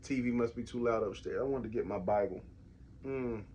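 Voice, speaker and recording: A middle-aged man hosting a casual faith podcast from his home basement, speaking in a reflective, halting way with frequent restarts. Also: mid-range voice, a little mellow, slight background noise. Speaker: podcast host.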